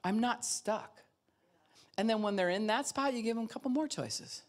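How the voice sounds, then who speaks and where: A woman pastor preaching a sermon in an animated way, acting out other people's voices and laughing often. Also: fairly high pitch, fast.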